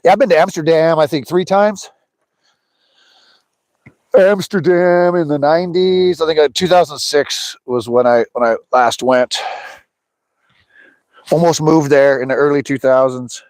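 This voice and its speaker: A man's voice: fairly high pitch, measured pace, pauses often, darkish tone, no echo. Rambling man chatting on a livestream. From USA. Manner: rambling, talks to chat, laughs often. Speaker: fishing livestream host. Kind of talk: casual livestream chat. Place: outdoors by a lake in the snow.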